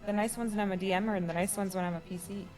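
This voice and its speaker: A woman's voice: medium pitch, fairly even intonation, racing, a little mellow, soft background music. A woman player in a tabletop game, chatting casually and a bit hesitant, laughing easily.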